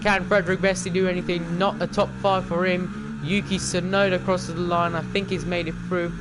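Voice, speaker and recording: Excitable young man calling a racing game. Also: high-pitched, moderate pace, noisy background. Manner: excitable, talks to the other drivers. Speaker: streamer. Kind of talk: live racing game commentary.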